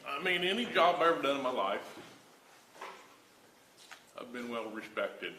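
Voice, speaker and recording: A man's voice: medium pitch, sing-song, normal speed, bright, forceful tone, slight background noise. A man speaking at a county board meeting, complaining in an aggrieved, pleading way that he is being singled out. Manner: aggrieved, pleading, rising to anger. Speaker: county employee addressing the board. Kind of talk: public comment at a meeting. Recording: echoey meeting room.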